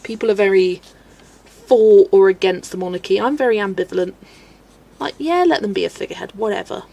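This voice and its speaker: A UK woman colours on a casual livestream, chatting and rambling, laughing often as she reads her chat. Her medium-pitched voice is brisk and mellow, with vocal fry.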